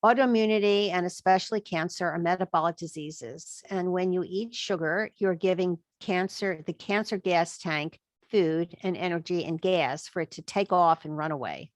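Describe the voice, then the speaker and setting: A woman's voice: fairly low pitch, normal speed, no echo. A woman speaking as a guest expert in a podcast interview, emphatic and acting out what she thinks to herself. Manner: emphatic, acts out quoted thoughts. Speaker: guest expert on chronic illness.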